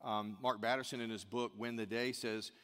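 A man's voice: medium pitch, fairly even intonation, moderate pace, fairly bright tone, smooth. A man preaching a church sermon, earnest and repeating key phrases for emphasis. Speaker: pastor. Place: church service. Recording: long hall reverb.

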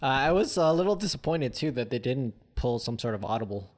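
A man co-hosting a casual podcast chat, talking in an animated, excitable way and laughing often. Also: mid-range voice, brisk. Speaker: podcast co-host.

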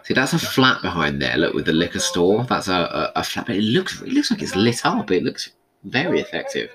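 Low-voiced man, rambling commentary. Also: wildly swooping pitch, brisk, fairly bright tone, rough recording. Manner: rambling, conversational, thinking aloud. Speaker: episode commentator. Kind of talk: casual recorded commentary.

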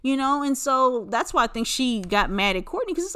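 A woman's voice: high voice, big pitch swings, fairly quick, pushed and bright, clear, resonant tone. A woman in her forties hosting a casual solo podcast, talking in a blunt, profane, rambling way with lots of fillers. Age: 40s. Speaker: podcast host.

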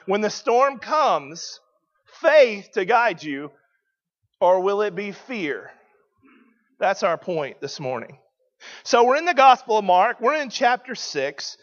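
A man's voice: very high voice, fairly bright tone, lo-fi sound. A man preaching a sermon, emphatic and questioning the congregation.

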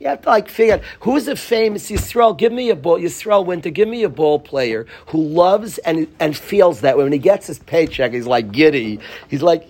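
A man's voice: a little high, animated, moderate pace, hardly any pauses, a little mellow. A man teaching a Torah class to students, pleading and passionate, joking with them at times.

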